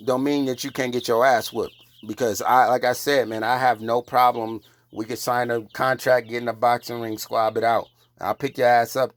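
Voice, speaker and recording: A man, an online religious preacher, scolds his listeners in a confrontational, profane and heated rant, growing louder and higher in pitch as he becomes agitated.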